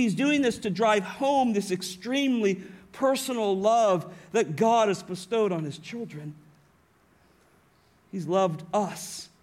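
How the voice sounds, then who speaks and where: This sermon comes from a high-voiced, middle-aged pastor speaking in an earnest tone at the pulpit. He explains scripture with unwavering conviction and keeps pausing to correct and restart his phrasing.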